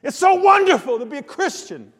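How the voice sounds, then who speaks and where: A man preacher mimicking an excitable grown man who gushes in a high, loud voice. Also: a little fast, creaky, husky, heavily acted. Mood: gushing. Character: overjoyed, excitable grown man gushing loudly. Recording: long reverb of a large hall.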